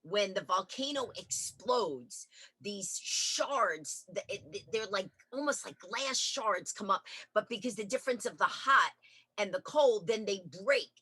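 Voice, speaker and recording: Bright, husky woman telling animated stories. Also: mid-range voice, a little slow. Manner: animated, acts out quoted voices. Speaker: interview guest, author. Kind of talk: lively anecdotal storytelling.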